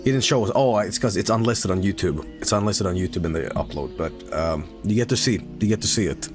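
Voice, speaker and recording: A man streaming a game, chatting casually and rambling through a story, swearing and laughing loudly. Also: on the low side, quick pace, music in the background. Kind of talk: casual live-stream chat while gaming.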